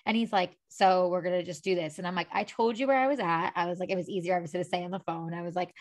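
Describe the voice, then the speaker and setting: A woman's voice: lowish voice, fairly even intonation, fast. A woman hosting a podcast, telling a personal story in rambling casual chat full of filler words. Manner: rambling storyteller, many "like"s and "you know"s. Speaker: podcast host.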